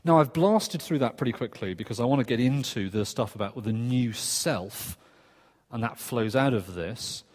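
A man preaching a sermon in a conversational, earnest way, with quick asides and restarts. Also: mid-range voice, expressive, darkish tone. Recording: long reverb of a church hall.

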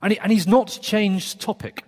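A man preaching a sermon in a conversational, earnest way, with quick asides and restarts. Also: high-pitched, fairly even intonation, darkish tone. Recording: long reverb of a church hall.

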